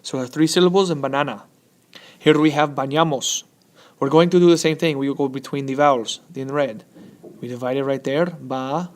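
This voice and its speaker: A man teaching a Spanish lesson from slides, upbeat and chatty, often checking in with "okay?". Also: medium pitch.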